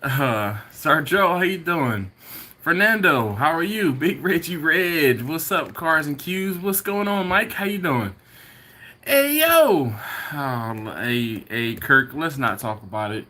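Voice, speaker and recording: A man's voice: fairly high pitch, animated, a little slow, pushed and bright. A man hosting a casual live stream from home, greeting viewers by name and chuckling as he reads their comments. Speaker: barbecue livestream host.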